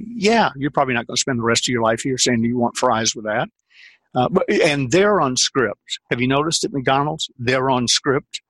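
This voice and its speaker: Older male sales coach, husky, leans hard on key words; dry close sound. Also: medium pitch, fairly bright tone, no room sound. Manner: emphatic, repeats key phrases, drawn-out stresses. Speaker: sales trainer and script consultant. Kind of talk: conversational interview storytelling.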